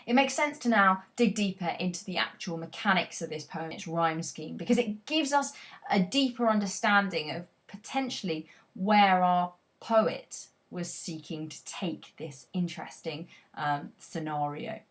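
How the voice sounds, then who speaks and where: Expressive woman teaching poetry. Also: lowish voice, measured pace. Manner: expressive, emphatic, reads quotes aloud dramatically. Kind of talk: poetry analysis lesson.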